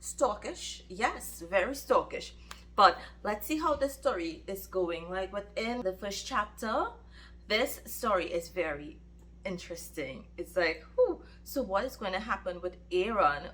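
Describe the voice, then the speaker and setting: Her mid-range voice is a bit bright as she, a book vlogger, talks casually through a romance plot with animation. Exclaimed questions come rapidly throughout her reading vlog.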